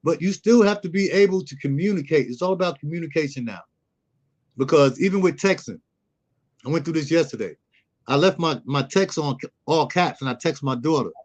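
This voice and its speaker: High-voiced middle-aged man telling stories. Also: fairly quick. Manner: storytelling, acts out quoted dialogue. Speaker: guest, youth mentor. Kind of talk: casual conversational interview.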